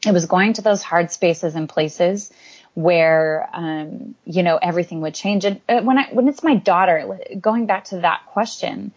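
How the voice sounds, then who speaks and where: Low-voiced woman sharing earnest testimony. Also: moderate pace. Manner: earnest, rambling, many fillers. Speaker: guest author. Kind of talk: personal testimony in a faith interview. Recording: dull lo-fi recording.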